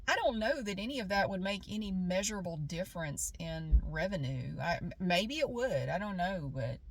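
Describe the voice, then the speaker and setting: A middle-aged woman vlogger talking casually to camera, candid and thinking aloud, often repeating herself. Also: mid-range voice. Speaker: YouTube creator.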